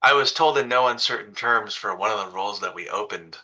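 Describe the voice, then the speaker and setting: A man's voice: on the low side, brisk, sharp tone, poor audio. A man working in marketing, co-hosting a webinar over a video call and telling a work story in a conversational way. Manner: conversational, tells anecdote from work. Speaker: co-host, marketing professional. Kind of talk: casual conversation.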